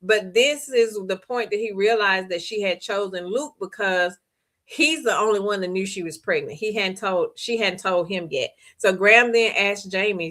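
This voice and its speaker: Bright-voiced woman chatting about a book. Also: medium pitch. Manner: chatty and animated, laughs often, reads viewer comments aloud. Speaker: book club host. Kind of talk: casual book discussion recap.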